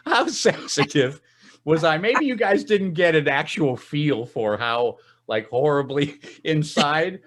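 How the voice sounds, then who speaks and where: A man's voice: a little high, lively intonation, slow pace, a bit bright. A middle-aged man co-hosting a podcast, joking and self-mocking in casual chat. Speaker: podcast co-host.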